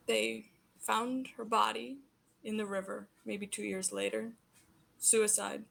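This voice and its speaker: A woman voicing a gentle, grieving old man who speaks softly and in a folksy way, calling people honey. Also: mid-range voice, flat delivery, slow, vocal fry, exaggerated voice. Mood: sorrowful. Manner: folksy, soft-spoken, calls people honey.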